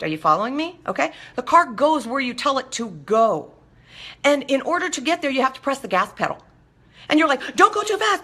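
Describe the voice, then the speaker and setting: Middle-aged woman host chatting away solo, high bright voice, swoops up and down a lot. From Southern California. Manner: chatty, keeps asking listeners "right?", acts out quoted voices. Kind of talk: solo live-show monologue.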